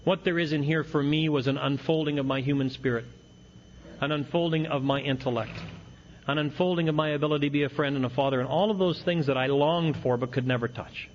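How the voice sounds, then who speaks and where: A man's voice: fairly high pitch, steady tone, a little fast, long reverb tail. A middle-aged man giving a humorous recovery talk as a speaker at a meeting, earnest with a wry streak. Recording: dull lo-fi recording with faint hiss.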